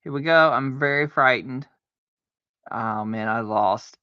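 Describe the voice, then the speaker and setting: Streaming solitaire, this man speaks at medium pitch in an unhurried, bright, forceful way, chatting to himself, bickering with himself, and yelping in pretend fright. The sound is dull, lo-fi, and dry, with no echo.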